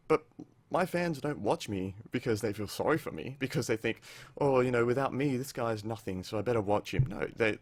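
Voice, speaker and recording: A man's voice: medium pitch, dry recording. A young man talking straight to camera in an opinion vlog, blunt and candid, swearing freely and restarting his sentences with lots of fillers. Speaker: YouTuber addressing another creator.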